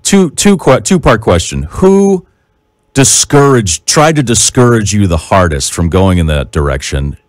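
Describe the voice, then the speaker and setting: A man hosts a morning radio show and asks his guest questions with a joking touch. His pitch swings far up and down as he talks. The sound is close and dry, straight from the studio mic. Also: big pitch swings, no echo. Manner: joking, quick reactions. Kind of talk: casual interview chat.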